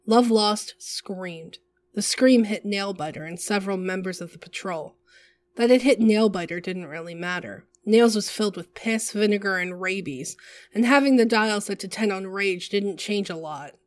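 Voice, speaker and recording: A woman narrating a work of fiction in a measured, vivid storytelling manner. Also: medium pitch, no room sound.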